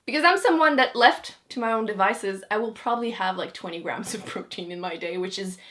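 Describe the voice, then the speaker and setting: A woman's voice: medium pitch, a little fast, a bit bright. Chatty, giggly young woman vlogger. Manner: chatty, giggly, many fillers. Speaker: beauty vlogger. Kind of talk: casual monthly favorites chat.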